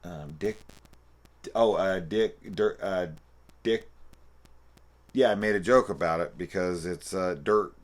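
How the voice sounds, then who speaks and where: A man's voice: low voice, takes it slowly, pauses often. A man giving a rambling, profane and amused spoken movie review, with loose restarts and playful quoting of scenes. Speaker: film reviewer.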